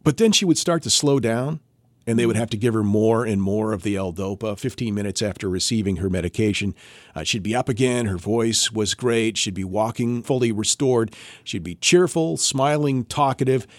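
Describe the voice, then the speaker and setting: A podcast co-host with a lowish voice tells a story in casual chat at a moderate pace, with no echo. He's animated and acts out the quoted voices.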